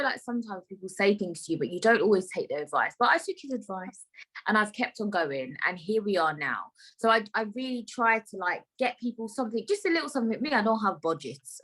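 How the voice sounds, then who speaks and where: Female podcast host, lively casual chat, salty language. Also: mid-range voice, low-quality recording. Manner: chatty, animated, swears freely.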